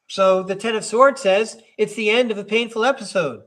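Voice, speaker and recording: A man with a rather high voice hosts a live tarot stream in an easygoing, chatty way. He slows down to read card keywords aloud one at a time and talks to viewers in the chat. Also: fairly bright tone, slight background noise. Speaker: tarot reader and livestream host.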